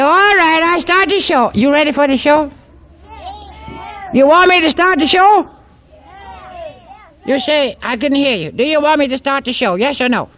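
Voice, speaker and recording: A man's voice: extremely high pitch, a bit bright, a little hiss or hum, voice pushed up. A man voicing Mister Punch, a cocky, sassy male puppet who teases the audience in a live puppet show. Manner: boastful, teasing, playful drawl.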